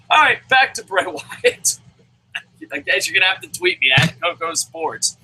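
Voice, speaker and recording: A man's voice: on the high side, very animated, normal speed, bright, forceful tone, a little hiss or hum, rough recording. A man reviewing a wrestling show, ranting heatedly, swearing constantly and mocking in his commentary. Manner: mocking, acts out impressions.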